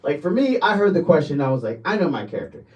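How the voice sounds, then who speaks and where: A man on a casual podcast chat who stops and restarts his sentences, often breaking into higher, louder bursts. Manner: halting, restarts a lot, rising animated. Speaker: podcast co-host. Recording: distant from the mic, dull lo-fi.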